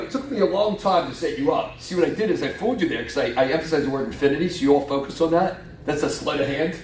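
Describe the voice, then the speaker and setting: Joking man giving a conference talk, echoey. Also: medium pitch. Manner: lively, joking, quizzes the audience. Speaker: conference speaker. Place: conference room. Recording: echoey hall from far off, faint noise.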